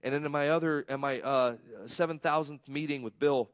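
A man's voice: on the high side, steady tone, brisk, dry recording, studio quality. A man giving a conversational sermon, earnest and self-deprecating, often repeating words as he gets worked up. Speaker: pastor.

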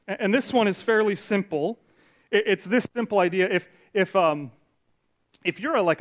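A pastor in his thirties gives a conversational sermon in a church, his voice sitting a little above the usual male pitch. He talks with his hands in his words, drops low for reflective points and climbs high and loud when he acts out what others say. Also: normal speed. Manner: conversational, animated preaching, acts out quotes. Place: church sanctuary.

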